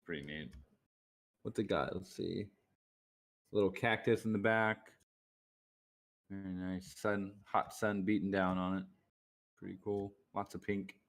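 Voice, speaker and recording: Chill co-host dude, really deep voice, dry little comments. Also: male voice, fairly even intonation, measured pace, long pauses. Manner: laid-back, dry short remarks. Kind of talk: casual livestream chat.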